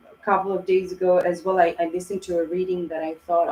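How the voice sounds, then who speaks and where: A woman talks through a tarot reading in a rambling, heartfelt way, full of fillers and restarts. Her voice sits low and keeps a flat, even pitch. The echoey room carries a faint hiss behind her. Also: a little fast. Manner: rambling, emotional, many fillers. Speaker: tarot reader. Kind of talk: casual tarot reading monologue.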